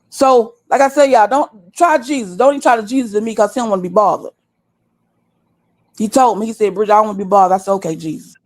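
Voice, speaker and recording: A woman over thirty-five, host of a livestream, scolding her viewers bluntly and with a lot of cursing. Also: fairly high pitch. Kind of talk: heated livestream rant. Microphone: desktop stream mic.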